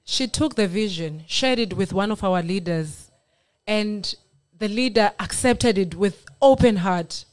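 A woman from South Africa telling her faith testimony on a radio talk show, earnest and animated. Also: medium pitch, measured pace. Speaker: guest sharing testimony.

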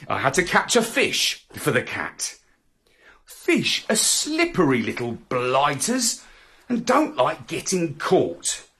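A man reading a children's story aloud in the first person, with an expressive, swooping storybook delivery. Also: on the high side, slow, husky.

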